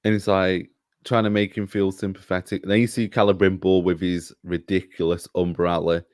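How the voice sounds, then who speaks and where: A man's voice: sits low, little pitch movement, normal speed, no room sound, studio quality. A man in a casual review chat, critical and exasperated. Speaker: co-host reviewer.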